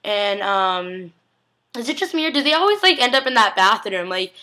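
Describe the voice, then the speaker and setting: A woman's voice: medium pitch, very animated, moderate pace, bright, forceful tone. A young woman chatting casually as she recaps a TV episode, rambling and gushing, with lots of "like" fillers. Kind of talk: casual chat.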